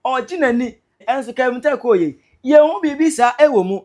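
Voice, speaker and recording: A woman with a Ghanaian accent gives an excitable, teasing commentary, reading out viewer comments. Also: high voice, fairly quick. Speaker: online commentator. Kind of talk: animated commentary vlog.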